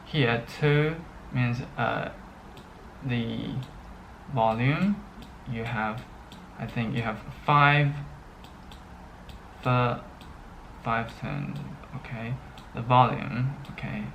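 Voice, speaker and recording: Very slow, halting male teacher. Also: mid-range voice, vocal fry, fairly bright tone, slight background noise, rough recording. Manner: slow and halting, with many pauses and fillers; checks in often with "okay". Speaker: Chinese language teacher. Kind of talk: unscripted language lesson.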